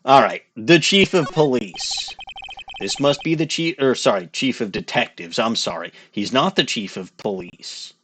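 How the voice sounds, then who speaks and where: A man's voice: mid-range voice, expressive, unhurried, fairly bright tone, slightly rough. A man giving casual, joking commentary while reading game text aloud in a let's play.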